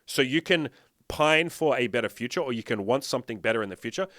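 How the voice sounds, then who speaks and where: A man's voice: mid-range voice, animated, fast, a bit bright, dry recording, studio quality. A man coaching his viewers on fitness and dating in a blunt, profane, emphatic way, often asking them rhetorical questions. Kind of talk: direct-to-camera motivational talk.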